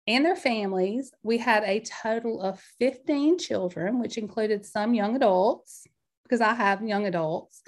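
A woman, in her forties, hosting a podcast in a bubbly, rambling chat style, a little out of breath. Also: a little high. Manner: bubbly, rambling, animated storytelling. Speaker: podcast host. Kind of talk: chatty solo podcast talk.

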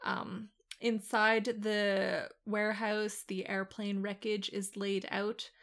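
A woman co-hosting a podcast, chatting casually about a TV show in a relaxed, rambling way with frequent laughs. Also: medium pitch, takes it slowly. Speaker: podcast co-host.

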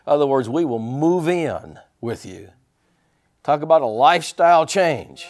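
An older man preaching with a lively voice that swings high and low. He calls out to his congregation, pitched a bit higher than most men. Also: a little slow. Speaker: pastor. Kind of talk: sermon.

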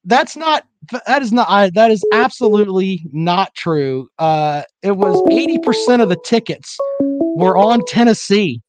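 A man's voice: high voice, expressive, unhurried, soft background music. A man hosting a sports talk show, teasing a caller in a mocking tone and repeating "sir.".

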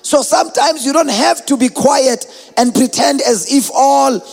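A man preaching a sermon in a sing-song, chanting style that climbs into shouts. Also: very high-pitched, moderate pace, husky. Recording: long hall reverb.

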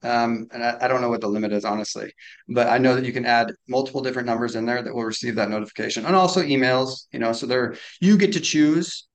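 A man being interviewed on a podcast, explaining his invention in a quick, casual way. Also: medium pitch, rough recording. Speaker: product inventor, interview guest.

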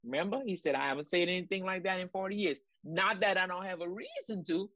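A fast-talking woman with a fairly low pitch and a fairly bright tone comes through in a dry recording. Her ministry broadcast co-hosting consists of preaching commentary that's emphatic and repetitive, and she spurs listeners on with exclamatory praise.

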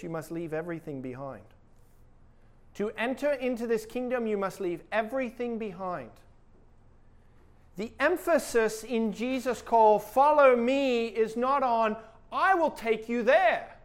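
A male pastor preaching a sermon with emphatic delivery and rhetorical questions. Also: high-pitched.

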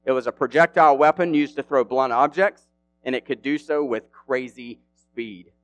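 A man's voice: mid-range voice, moderate pace. Slangy, conversational male preacher. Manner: animated, slangy and conversational, with frequent fillers. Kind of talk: casual sermon.

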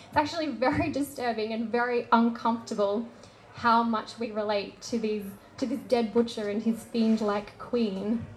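Animated woman lecturing. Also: fairly high pitch, moderate pace, a little hiss or hum, low-quality recording. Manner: animated, casual, acts out quoted scenes. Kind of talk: lively public talk on literature.

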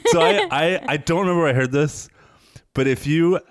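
A man in his thirties banters in casual podcast chat. His pitch swings widely as he needles his co-host playfully. The sound is dry and close. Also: huge pitch swings, dry recording. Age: 30s. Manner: playful, needling and quick to laugh.

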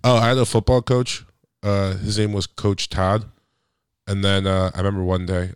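A man's voice: low-pitched, level tone, moderate pace, clear, resonant tone, dry recording, studio quality. A young man joking and rambling in casual chat as a podcast co-host.

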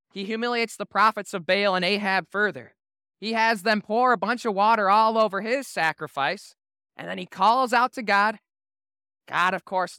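A male pastor with a bright, crisp voice, telling Bible stories in a loose, joking sermon style. The sound is dry and close. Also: high voice, no echo. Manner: casual, humorous storytelling.

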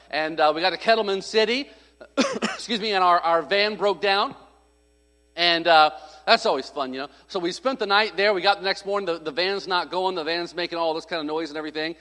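A pastor tells a story in his sermon, conversational and humorous, acting out the voices of people he quotes. His voice is high with a sharp tone, and a long hall reverb trails each line.

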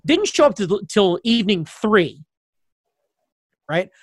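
With a high-pitched, very animated voice and a slow pace, a man from suburban Baltimore County, Maryland rambles through a personal story. The casual chat is full of fillers and blunt swearing, and there's no echo.

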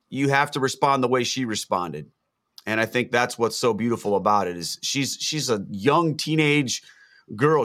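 A man's voice: medium pitch, fairly bright tone. A man talking through a Gospel passage in an earnest, reflective way, often restarting his sentences. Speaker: guest on a Gospel reflection show. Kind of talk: reflective faith discussion.

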